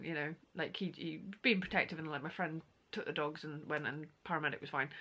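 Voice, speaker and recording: A woman's voice: lowish voice, fairly bright tone. A young woman vlogging, telling a story in a casual, rambling way with many fillers. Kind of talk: casual chat to camera.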